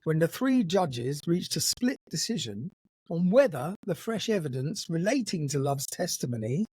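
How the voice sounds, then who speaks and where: A man's voice: on the high side, sing-song, moderate pace, darkish tone, no room sound. A man co-hosting a podcast, telling a true story in a casual, dry, jokey way. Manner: dry, jokey, puts on gruff voices in quotes.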